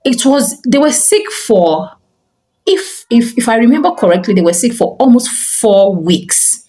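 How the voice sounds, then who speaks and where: Speaking a little slowly in a voice on the high side, a middle-aged woman, a teacher who owns a school, tells a personal story to camera as parenting advice. She is animated and often says "you know," and the audio is poor.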